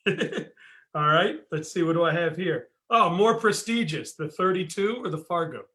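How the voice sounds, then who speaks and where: A man hosting a casual podcast interview, friendly and quick to laugh as he asks his questions. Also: on the high side, expressive, bright, forceful tone. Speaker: podcast host.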